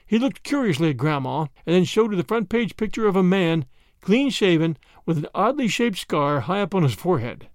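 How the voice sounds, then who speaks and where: Lively, high-voiced male storyteller. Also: brisk, dry recording, clean studio sound. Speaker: podcast narrator. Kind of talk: scripted story narration.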